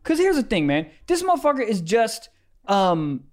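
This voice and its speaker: A man telling a story in casual chat, animated and profane, acting out both sides of the argument. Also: sits high, normal speed. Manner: animated, profane, quotes people in acted-out dialogue.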